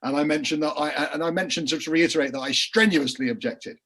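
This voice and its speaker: A man on a panel telling lively courtroom anecdotes over a video call, with frequent restarts and laughing mid-story. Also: fairly high pitch, brisk, husky. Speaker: crime writer and former barrister on a panel. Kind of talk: casual panel chat, anecdotes.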